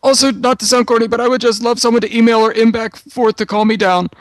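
A man's voice: very high voice, steady tone, fast, dry recording. A man voicing an anxious, needy young man pleading for advice online.

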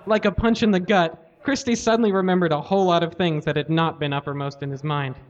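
A man hosting a comedy podcast, giving a deadpan live reading of a story. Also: fairly high pitch, quick pace. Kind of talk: live reading of fan fiction. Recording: lo-fi live recording.

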